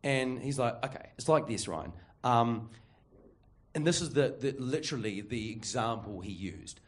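A man's voice: medium pitch, lively intonation, normal speed. Rambling New man telling a story. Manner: rambling, laughing, full of fillers; acts out other people's voices. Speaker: storyteller at a live show. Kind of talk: live storytelling to an audience.

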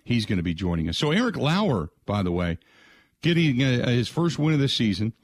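A man hosts a sports radio show in a brisk, sing-song, mid-range voice, casually going over last night's game. He's conversational, drops in lots of "uh" fillers, and rattles off game stats in a talk radio monologue. There's no echo on the recording.

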